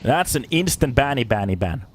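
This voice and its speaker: Male esports caster, mid-pitched voice, chatty play-by-play, clear background noise, clicking sounds. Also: normal speed. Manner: chatty, answers viewer chat between play calls; breaks into loud excited shouts on big plays. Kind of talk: solo live game commentary. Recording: streamed commentary with steady background noise.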